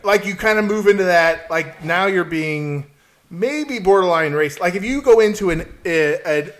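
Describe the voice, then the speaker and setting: A man's voice: high-pitched, lively intonation, normal speed. A man co-hosting a podcast in casual chat, playful but hesitant on serious points. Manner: playful, hesitant, many fillers when serious. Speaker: podcast co-host.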